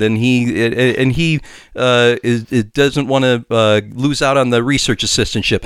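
A man co-hosting a podcast, chatting casually and rushing through a plot recap with lots of halting restarts. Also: mid-range voice, steady tone, a bit bright, clean tone, no echo, studio quality. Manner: halting, many restarts and fillers while racing the clock. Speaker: podcast co-host.

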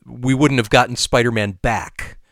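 A man's voice: mid-range voice, steady tone, normal speed, a bit bright, dry recording, clean studio sound. A man co-hosting a podcast, talking through his points step by step in casual discussion. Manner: thoughtful, explains step by step. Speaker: podcast co-host.

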